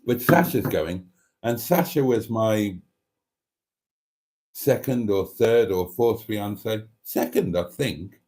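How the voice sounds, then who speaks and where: Reading comments from chat on his livestream, a middle-aged man keeps things casual and rambling, dropping cheeky asides along the way. His voice is fairly low, slow and a little mellow.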